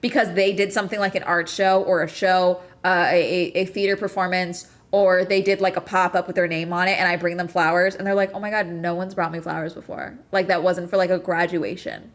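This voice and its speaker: A woman's voice: lowish voice, flat delivery, brisk, hardly any pauses. A woman streamer ranting in casual chat, emphatic and full of swearing. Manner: profane, emphatic, exasperated.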